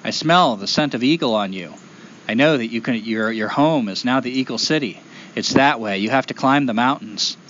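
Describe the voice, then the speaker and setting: A man's voice: medium pitch, moderate pace, a bit bright, highs cut off, a little hiss or hum, close to an everyday voice. A man voicing a helpful woodchuck in a told story, speaking plainly and guiding a lost boy. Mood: matter-of-fact. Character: helpful woodchuck living in a burrow, matter-of-fact.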